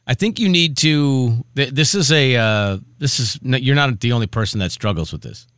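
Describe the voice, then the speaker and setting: A man's voice: mid-range voice, lively intonation, normal speed, fairly bright tone, clean tone, no room sound, studio quality. A man hosting a radio show, joking with his co-hosts and talking casually, restarting his sentences when he turns serious. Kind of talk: casual morning radio banter.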